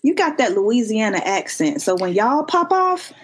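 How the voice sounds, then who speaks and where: A woman's voice: on the high side, normal speed, crowd noise. Laughing woman hosting a chat show. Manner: laughs a lot, slangy and relaxed. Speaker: podcast host. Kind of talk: casual chat.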